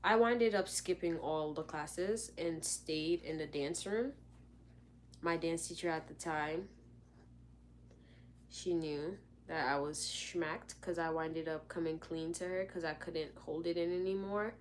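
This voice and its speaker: A young woman telling a story in a casual, animated way, acting out what people said. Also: low-pitched, measured pace, a little hiss or hum. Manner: animated, dramatic retelling with lots of "like". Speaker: vlogger.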